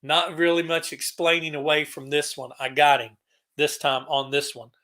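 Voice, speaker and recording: A man's voice: fairly high pitch, little pitch movement, normal speed, pushed and bright. A man hosting a casual live stream, rambling and greeting viewers by name as he talks. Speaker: livestream host.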